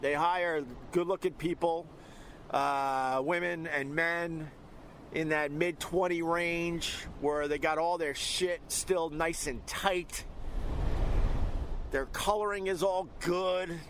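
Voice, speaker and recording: A man hosting a radio show, telling rambling, indignant anecdotes, heard from a low-quality clip. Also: fairly even intonation, slow pace, a bit bright. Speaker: radio host. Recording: noisy radio clip from YouTube.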